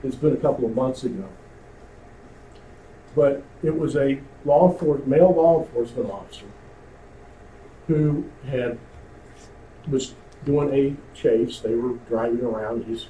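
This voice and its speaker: A man with a medium-pitched, dark voice speaks at normal speed but pauses often while teaching a radio communications class at a club meeting. As an amateur radio instructor, he keeps the lecture conversational and tosses questions to the audience. The audio is roomy and distant, with a faint hiss.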